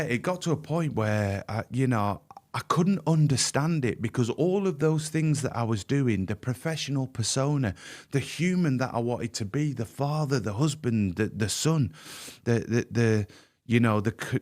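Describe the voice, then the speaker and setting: A middle-aged man with a mid-range, darkish voice appears as a guest in a podcast interview. He tells his own story frankly and vividly in the first person, halting often to restart.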